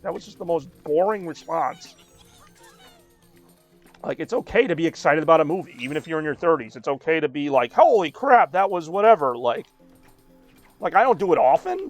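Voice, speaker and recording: A man's voice: a little high, dull audio. A man in his thirties streaming a game and chatting casually, rambling with lots of fillers. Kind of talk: casual chat while gaming.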